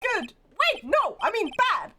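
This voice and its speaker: A woman's voice: very high voice, very animated, measured pace, noisy background, pitched above the performer's own voice, heavily acted. A woman doing a whiny, melodramatic young man. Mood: despairing. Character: excitable young male slacker friend, dramatic.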